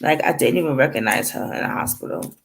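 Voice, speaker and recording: A woman's voice: low voice, fast talker, gravelly, poor audio. A woman telling a painful family story to the camera in a rambling way, acting out the dialogue and fighting back tears. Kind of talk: emotional personal storytelling.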